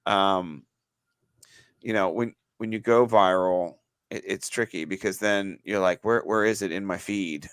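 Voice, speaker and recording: A podcast co-host chats casually, rambling with lots of fillers, interrupting himself to restart and laughing easily. His deep voice keeps a measured pace and sounds a bit bright and clean, in a clean studio recording with no echo.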